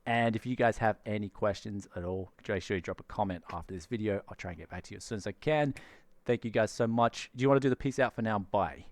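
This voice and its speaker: A man's voice: on the low side, fast, dry recording. A man hosts a tech live stream in a casual, upbeat way. He uses plenty of slang. The sound is dry and close. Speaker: tech channel host.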